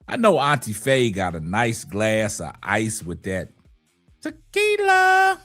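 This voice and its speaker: A man's voice: fairly low pitch, animated, a little slow, a bit bright, soft background music. A man in his forties hosting a casual late-night live show, laid-back and chatty, tagging "man" onto his lines.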